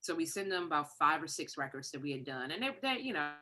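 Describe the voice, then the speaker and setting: Guest spot: middle-aged Detroit woman, lower pitch, bright forceful tone, lively storyteller on a video call. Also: quick pace. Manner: animated, acts out quoted voices. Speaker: guest songwriter. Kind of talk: casual storytelling.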